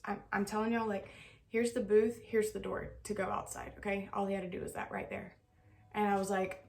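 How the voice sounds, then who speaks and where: Young gal rambling thru a story, lots of um and like, some soft music behind her. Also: mid-range voice. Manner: chatty, animated storytelling with many fillers. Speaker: vlogger. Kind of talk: casual storytelling Q&A.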